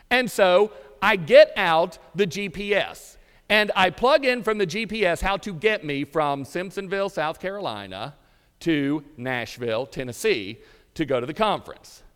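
A man preaching a sermon, with dramatic pauses and drawn-out emphasis. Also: sits high, fairly bright tone. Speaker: pastor. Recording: reverberant hall.

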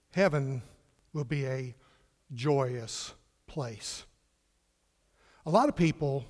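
A male pastor preaching a sermon emphatically, swinging from loud declarations to hushed questions and repeating words for stress. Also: a little high. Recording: reverberant hall.

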